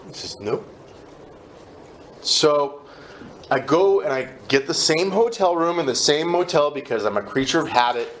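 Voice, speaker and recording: A man's voice: on the high side, expressive, normal speed, pauses often, a little hiss or hum. A man speaking at a recovery meeting, telling his own story candidly and with self-deprecating humor, acting out what people said.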